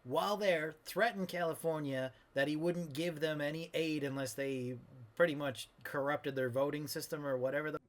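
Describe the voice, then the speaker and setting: A man's voice: a little high, steady tone, moderate pace. A man playing a cranky, rambling old man with a put-on old-timey Southern accent through an old-man voice filter, bantering crudely on a comedy podcast. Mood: grumbling. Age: older. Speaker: podcast co-host.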